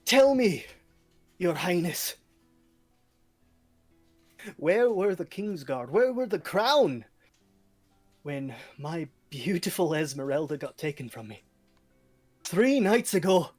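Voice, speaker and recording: A man's voice: sits high, sing-song, slow pace, pauses often, darkish tone, faint music behind, voice pushed up, heavily acted. A man voicing a grieving, furious commoner whose wife and daughter were taken, hurling accusations in a strained, raised voice. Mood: anguished accusing.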